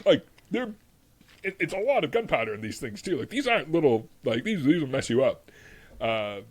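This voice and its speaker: A man's voice: fairly high pitch, very animated, a little fast. A man co-hosting a casual history podcast, telling the story in a loose, rambling way, full of "like" and frequent laughs. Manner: rambling, lots of "like", laughs often. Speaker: podcast co-host.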